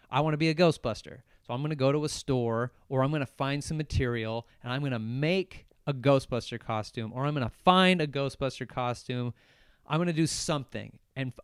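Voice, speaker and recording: A young man rants through a solo film review on his podcast, swearing freely and piling on sarcasm as he rambles. His voice is smooth and clear, recorded dry and close. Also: on the high side, no echo. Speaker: podcast host. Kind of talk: solo movie review rant.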